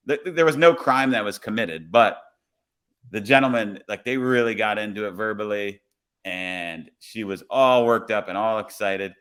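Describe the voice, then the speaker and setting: A man with a fairly low voice tells a story from his job in an easygoing, conversational way. He slips into acting out his own quoted words as he goes. He sounds like a police officer talking on a podcast. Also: fairly bright tone.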